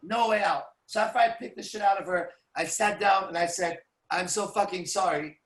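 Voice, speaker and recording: A man telling profane, animated stories to a small audience as a seminar speaker. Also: high voice, a little fast, reverberant. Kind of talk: storytelling to a live audience.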